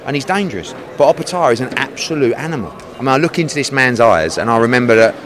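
A man in his forties, a boxing promoter, teasing and mocking his interviewer in animated, swearing banter outdoors. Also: medium pitch, fast, crowd noise. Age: 40s.

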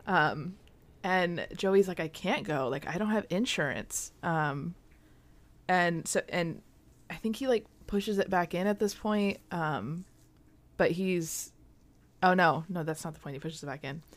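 Her voice lowish and her pace slow with long pauses, a young woman co-hosting a podcast casually walks through a sitcom episode. She's chatty and fills her speech with lots of "like" and "um."

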